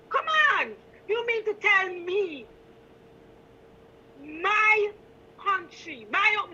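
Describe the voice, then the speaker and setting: A woman's voice: very high-pitched, sharp tone, highs cut off, slight background noise. A woman from Guyana with a Guyanese accent, calling into a talk show and speaking with passion, repeating her points for emphasis. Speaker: caller. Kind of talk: impassioned call-in talk.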